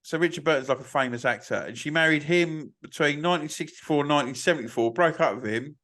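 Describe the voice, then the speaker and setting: A man's voice: on the high side, quick pace, fairly bright tone. A man, co-hosting a podcast in casual chat, rambling and crude, with a lot of swearing. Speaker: podcast co-host.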